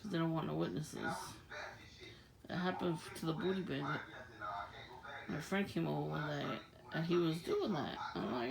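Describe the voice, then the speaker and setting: A woman's voice: low voice, normal speed, creaky, pauses often, crowd noise, rough recording. A woman talking casually to camera, laughing often as she rambles through a story. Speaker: vlogger. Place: outdoors at night.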